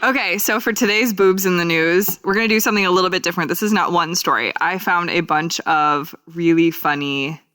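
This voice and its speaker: A woman co-hosting a podcast, chatting casually and earnestly, lively when she reads out funny headlines. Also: on the low side, fairly quick, hardly any pauses, soft background music. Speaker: podcast co-host. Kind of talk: casual chat.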